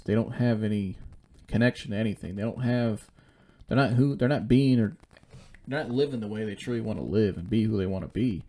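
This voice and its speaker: Male podcast host, low mellow voice, blunt, repetitive solo talk. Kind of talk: casual solo monologue.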